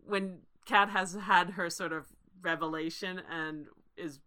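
A woman co-hosting a casual film discussion, talking in an animated way with restarts and laughs. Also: on the low side, a little slow. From Canada. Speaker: podcast co-host.

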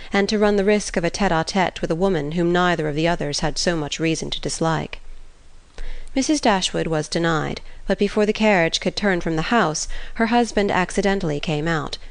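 A woman narrating a classic novel in a measured, even reading. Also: lowish voice, creaky, no room sound.

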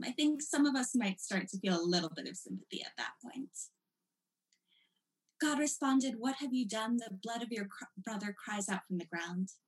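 A woman's voice: mid-range voice, poor audio. A woman giving a lecture as a teacher, reading passages aloud and stressing key words with dramatic emphasis. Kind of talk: recorded lecture.

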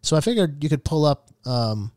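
A man's voice: fairly high pitch, very animated, normal speed, a little mellow, no room sound, clean studio sound. A man hosting a podcast in casual chat, wry and joking as he steers the conversation. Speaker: podcast host.

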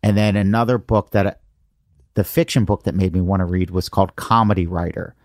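A man's voice: low voice, fairly even intonation, brisk, a little mellow, no echo, studio quality. A man in his forties, a podcast host, chatting casually and telling stories with enthusiasm. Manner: enthusiastic storytelling. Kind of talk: casual chat.

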